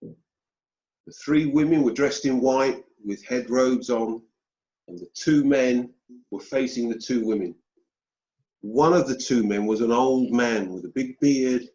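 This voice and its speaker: British guy telling his story slow, pausing a lot, roomy dull audio. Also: medium pitch, darkish tone. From United Kingdom. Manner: slow, deliberate storytelling with pauses. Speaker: guest. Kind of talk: storytelling interview.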